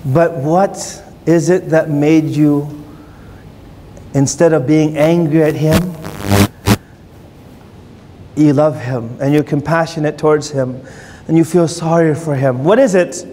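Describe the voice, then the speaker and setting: A man's voice: on the high side, a little slow, pauses often, mellow, a little hiss or hum. A man giving a sermon, telling a story and asking his listeners questions. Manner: storytelling, asks the audience questions. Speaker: preacher. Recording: long hall reverb.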